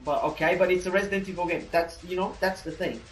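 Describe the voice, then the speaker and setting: Man, fairly high voice, casual podcast chat, rambling, lots of restarts and fillers. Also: fairly even intonation, fast talker, poor audio. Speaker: podcast co-host.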